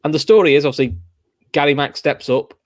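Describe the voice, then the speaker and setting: A man's voice: a little high, quick pace, no echo, studio quality. A young man with a Liverpool accent hosting a casual football podcast, telling stories with animation and acting out the reactions. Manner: animated storytelling, acts out reactions. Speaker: podcast host.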